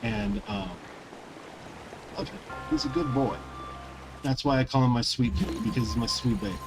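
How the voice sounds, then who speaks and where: A man's voice: medium pitch, normal speed, music in the background, rough recording. A man who streams games, chatting casually while he plays in a loose, rambling way with lots of fillers. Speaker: gaming streamer. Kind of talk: casual chat while playing.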